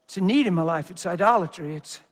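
A man's voice: high-pitched, fast talker. A man preacher giving a sermon, talking in an emphatic, intense way.

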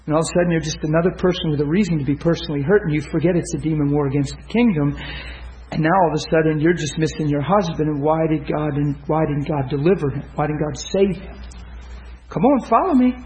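A male preacher delivering an impassioned sermon, swinging from shouted peaks to hushed storytelling. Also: fairly high pitch, fairly even intonation, fast, rough recording.

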